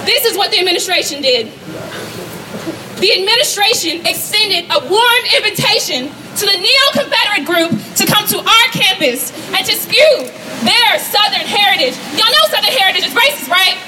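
Very high-voiced woman rallying a crowd. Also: animated, moderate pace. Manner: repeats rhetorical questions, calls out to the crowd. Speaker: student rally speaker. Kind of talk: impassioned protest speech. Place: outdoor campus rally. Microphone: rally sound system. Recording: distant voice over crowd and noise.

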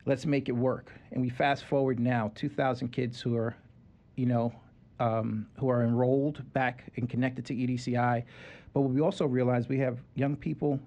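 A man speaking as a guest in a casual interview. He talks in an animated, loose way, full of restarts and fillers. His voice is mid-pitched and natural. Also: moderate pace. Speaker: president of a children's nonprofit, guest.

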